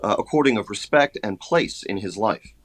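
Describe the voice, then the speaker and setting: A man being interviewed on a radio show as an author, speaking in a measured way with many hesitations and fillers. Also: lowish voice, animated. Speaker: author guest.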